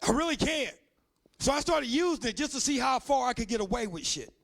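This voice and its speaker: A man performing a loud, profane stand-up comedy set on a club stage. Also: extremely high pitch, expressive, fairly quick, vocal fry. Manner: loud, profane storytelling with put-on voices.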